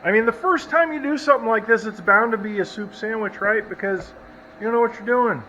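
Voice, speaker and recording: A fairly quick, high-voiced man hosts a hot rod shop vlog from his home workshop on a hot day, building step by step and thinking out loud. He's chatty and pokes fun at himself. The audio is muffled, with faint shop noise behind him.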